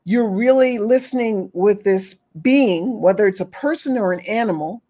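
Her mid-range voice has a dark tone and a moderate pace. She's a guest who talks with animals, and in casual conversation she explains what she does in an earnest, repetitive way, acting out pitying voices along the way.

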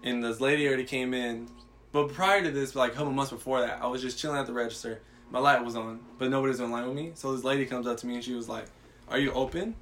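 Man, young adult, casual storytelling, profane, acts out quotes, quick delivery. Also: medium pitch, steady tone, fairly bright tone, a little hiss or hum.

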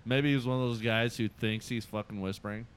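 A man's voice: mid-range voice, fairly even intonation, a little fast, clear, resonant tone. A man with a mid-range voice chats in a laid-back way. He chuckles often and builds crude jokes on top of his friend's. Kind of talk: casual crude comedic chat.

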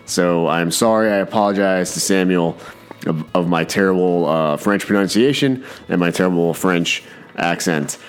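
A man's voice: low voice, normal speed, clear, resonant tone. A man hosting his own podcast in a rambling, self-deprecating way, often restarting his sentences. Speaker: podcast host. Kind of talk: casual podcast monologue.

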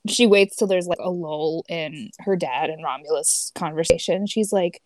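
A woman playing a tabletop game, chatty and quick, swearing casually while describing her character. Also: on the low side, no room sound. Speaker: player.

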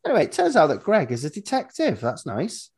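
A man's voice: fairly high pitch, wildly swooping pitch, brisk, creaky, a little mellow, breathy edge. A man hosting a podcast, recapping a horror film in rambling, wry casual chat and swearing freely. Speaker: podcast host.

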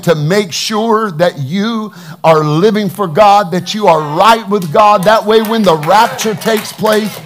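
A male pastor with a fairly high voice delivers a sermon into a microphone in a church. He teaches steadily, then climbs to loud, ringing proclamations. He keeps drawing replies from the congregation. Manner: preaching that builds from calm teaching to shouted proclamation, with call-and-response.

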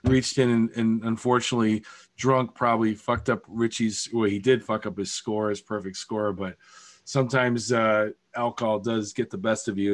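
A middle-aged man hosting a casual podcast over a video call, telling a rambling story and swearing freely. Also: fairly low pitch. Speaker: podcast host.

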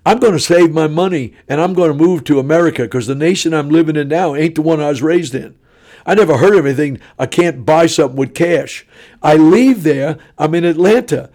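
A man in his seventies, a traveling preacher telling stories in a sarcastic, animated way that often climbs into shouting. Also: fairly high pitch. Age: 70s.

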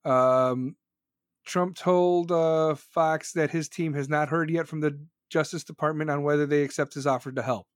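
A man's voice: on the high side, fairly even intonation, moderate pace, dry recording. A man ranting heatedly about politics on a live stream, swearing constantly and sneering sarcastically, close to the mic. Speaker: political commentator streaming to viewers. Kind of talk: profane live-stream rant.

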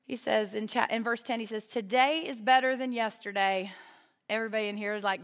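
A fairly high-voiced young woman preaches in a casual, joking way and keeps asking the listeners questions. Her voice rings with a long reverb off the walls of a hall. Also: fairly even intonation, brisk. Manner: conversational and humorous, asks the audience questions. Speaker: women's ministry speaker. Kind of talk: sermon. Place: hall with a live audience.

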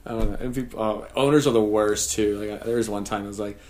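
A man's voice: on the low side, fairly even intonation, fast talker, darkish tone. A man who works as a home technician, chatting casually and ranting with heavy swearing. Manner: profane, ranting, laughing asides. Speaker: technician who visits homes. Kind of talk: casual chat.

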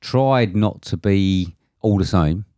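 A man with a very low, dark voice chats casually as a podcast co-host. He talks in a relaxed, meandering way, full of fillers and restarts. The recording is dry and close. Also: slow, dry recording. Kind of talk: casual chat.

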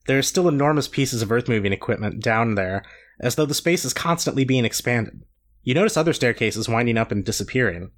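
A man reading a story aloud with wry comic asides. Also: mid-range voice. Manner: expressive, wry narration. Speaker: podcast co-host reading aloud.

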